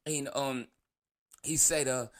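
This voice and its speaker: Male host, mid-pitched, loose rambling storyteller who laughs and swears freely. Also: fairly even intonation, takes it slowly. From New York. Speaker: show host. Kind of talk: casual storytelling monologue.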